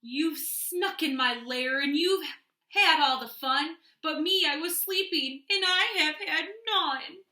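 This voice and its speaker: A woman's voice: high voice, takes it slowly, pushed and bright, far from the mic, exaggerated voice. A woman reading a sulky storybook bear. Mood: aggrieved. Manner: complaining, aggrieved. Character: big grumpy bear, sulky and hurt. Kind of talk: picture book read-aloud. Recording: roomy echo at home.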